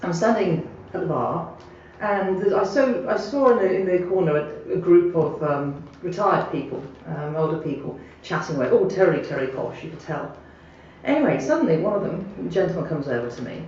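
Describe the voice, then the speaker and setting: A woman's voice: fairly low pitch, brisk, slight background noise. Chatty woman recounting an anecdote, muffled and distant in a very echoey room. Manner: chatty, animated, laughing at her own story. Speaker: storyteller sending a voice message. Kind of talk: casual spoken anecdote. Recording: echoey, muffled playback heard from afar.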